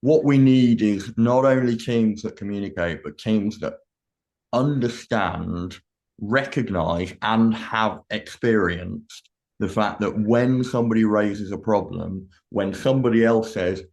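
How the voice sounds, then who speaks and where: Low-voiced man explaining calmly. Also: a little slow. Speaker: podcast co-host. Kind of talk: casual discussion.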